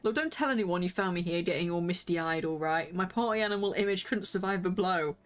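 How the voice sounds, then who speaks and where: A woman reading aloud the lines of a young man in a video game, in a soft, lowered voice. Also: brisk, close to an everyday voice. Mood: wistful. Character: young man confessing he grew up here.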